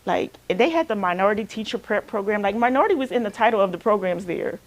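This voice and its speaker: A fast-talking woman from Alabama with a medium-pitched voice and lively intonation serves as a counselor guiding a group-sharing workshop. She's informal and conversational, constantly asking "right?"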